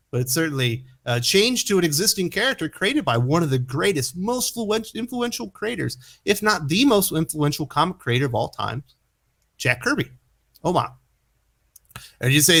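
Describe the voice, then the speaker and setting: A man's voice: a little high, very animated, moderate pace, vocal fry, fairly bright tone. A man hosting a comic book commentary, sarcastic and incredulous, often chuckling at what he reads. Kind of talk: opinion commentary.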